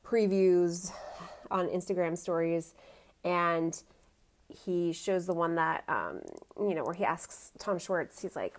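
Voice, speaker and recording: A woman's voice: lowish voice, slow. A woman recapping a reality TV reunion in casual chat, opinionated and full of fillers. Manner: chatty, opinionated, many fillers like "um" and "you know".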